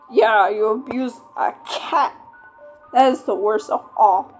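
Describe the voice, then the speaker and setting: A woman's voice: fairly high pitch, slow, faint music behind. A woman reading a story game aloud and reacting expressively, often saying "bro". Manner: expressive, exclamations, says "bro". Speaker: game player.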